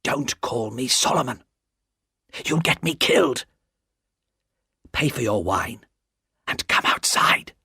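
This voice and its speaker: A woman voicing a frightened, hushed male spy. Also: slow pace, slightly rough, no echo, clean studio sound, full character voice. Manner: low, hushed, nervous.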